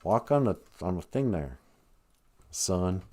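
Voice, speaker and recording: A man's voice: low voice, very animated, slow pace, a little mellow, voice pushed down, heavily acted. A man putting on a drawling Southern redneck. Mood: stern. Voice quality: drawling, chews tobacco. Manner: stern, folksy, scolding. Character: gruff backwoods redneck man lecturing "son".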